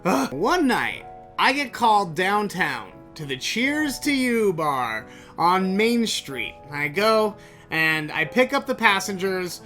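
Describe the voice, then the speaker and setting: A man hosting a podcast, telling a story in an animated, exasperated way and swearing freely. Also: high-pitched. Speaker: podcast host. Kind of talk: casual storytelling monologue.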